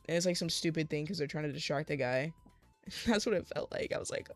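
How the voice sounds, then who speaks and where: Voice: medium pitch, a little fast, dry recording, faint music behind. A young adult craft livestreamer telling a long, exasperated story in a rambling, casual way while working on a craft, acting out what other people said. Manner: rambling, exasperated venting with acted-out quotes.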